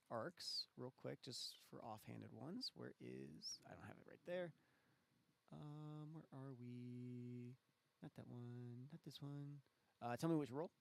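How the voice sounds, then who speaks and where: A man's voice: medium pitch, creaky. A young man acting as game master, talking casually and hesitantly with many fillers over voice chat. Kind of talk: running a tabletop role-play session.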